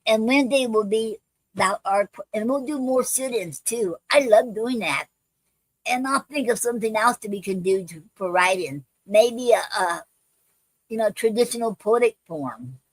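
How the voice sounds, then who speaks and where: A woman's voice: medium pitch, dry recording, low-quality recording. A woman hosting a poetry livestream, chatting casually with many ums and restarts and calling her viewers family. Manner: affectionate toward viewers, calls them fam.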